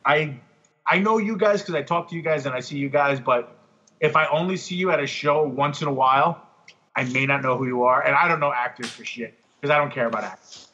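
A man on a casual podcast, telling animated, profane stories about his work as a comic artist. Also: medium pitch, a little fast, slightly rough, muffled recording.

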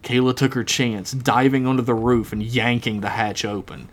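A man's voice: medium pitch, fairly even intonation, moderate pace. Man reading a horror story aloud. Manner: dramatic reading, laughs at his own jokes. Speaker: podcast co-host.

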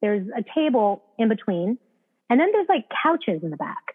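A woman telling a story as an actress guest in a casual conversation, animated, acting out the voices of people she quotes and restarting her sentences often. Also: a little high, moderate pace, breathy edge. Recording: tinny phone-like line.

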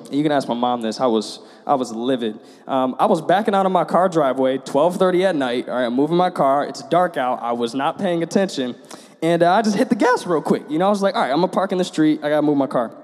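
A man's voice: mid-range voice, a little mellow. A young man giving a casual sermon, telling personal stories in a conversational, self-deprecating way. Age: young adult. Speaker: preacher. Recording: long hall reverb.

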